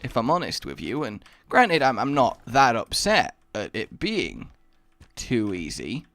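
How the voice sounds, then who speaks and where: Animated man commenting on gameplay. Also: mid-range voice, a little slow, no room sound. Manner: rambling, self-mocking, theatrical asides. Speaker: gaming YouTuber. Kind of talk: Let's Play commentary.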